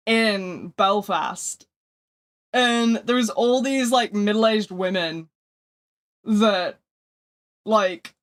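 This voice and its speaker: Young woman streaming, chatty and sweary, laughs a lot, mid pitch. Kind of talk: casual live-stream chat.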